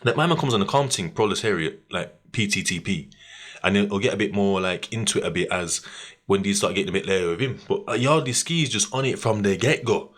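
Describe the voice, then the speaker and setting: A man with a voice on the low side runs a podcast, speaking fast as he animatedly spins stories in casual talk full of street slang.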